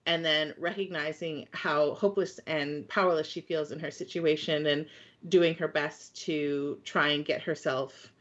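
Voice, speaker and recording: A woman's voice: deep voice, fairly even intonation, measured pace. A woman co-hosting a podcast, talking things through in a thoughtful, analytical way. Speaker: podcast co-host. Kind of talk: casual chat. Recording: dull lo-fi mic.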